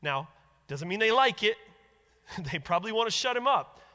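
Male pastor, high bright voice, lively sermon delivery that acts out quoted voices, long hall reverb. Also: moderate pace.

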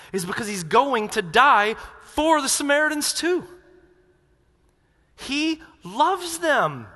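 A pastor preaching a sermon to his church, animated, acting out quotes with sudden loud outbursts. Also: fairly high pitch. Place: church auditorium. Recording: reverberant church hall.

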